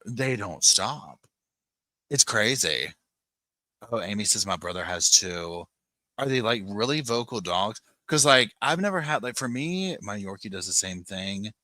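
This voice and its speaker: Lounging on a sofa at home near his dogs, this male podcast host chats casually on a live stream, calling out viewers by name and meandering through plenty of "like" fillers. He speaks at a normal pace in a lowish, expressive voice with a sharp tone, and the recording is dry.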